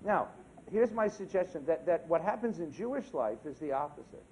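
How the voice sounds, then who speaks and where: A man who is a rabbi giving a sermon during a synagogue service, animated and humorous, often asking the congregation questions. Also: fairly high pitch, normal speed, slight background noise, poor audio.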